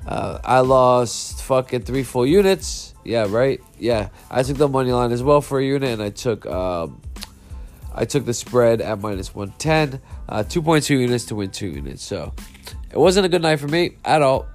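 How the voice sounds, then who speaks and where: A man's voice: medium pitch, animated, moderate pace, soft background music. A man with a stuffy nose hosting a sports betting podcast, reacting to a game and apologizing, frustrated and profane. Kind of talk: live reaction and apology monologue.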